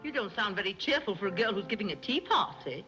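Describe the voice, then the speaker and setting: An actress playing a scatterbrained wealthy society matron who chatters in a dithery, rambling way, in a 1930s film comedy. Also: female voice, medium pitch, animated, fast, muffled recording, close to an everyday voice. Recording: scratchy 1930s film soundtrack with music.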